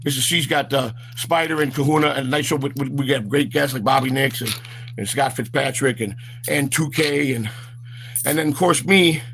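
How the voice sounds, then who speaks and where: A man's voice: medium pitch, normal speed, vocal fry, fairly bright tone, slight background noise. A man hosting a walk-and-talk vlog outdoors, rambling with lots of fillers and stammered repeats, recorded on a handheld phone. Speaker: vlog host.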